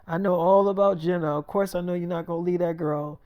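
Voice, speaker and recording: A woman's voice: on the low side, fairly even intonation, a little fast, no room sound, muffled recording, lightly acted. A storyteller voicing a blunt young pregnant girlfriend. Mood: insistent.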